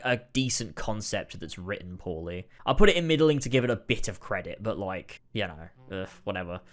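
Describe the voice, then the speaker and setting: This video creator, medium-pitched with a fairly bright tone, ranks episodes with casual commentary. Exasperation runs through it, marked by frequent sighs and swearing.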